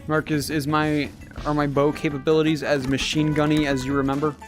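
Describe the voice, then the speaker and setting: A man's voice: a little high, little pitch movement, measured pace. A young man livestreaming a game, tired after many hours and wryly joking with his viewers. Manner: wry, self-mocking, chatting to viewers while playing. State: tired from a very long stream. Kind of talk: casual livestream gaming commentary. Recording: game music playing behind.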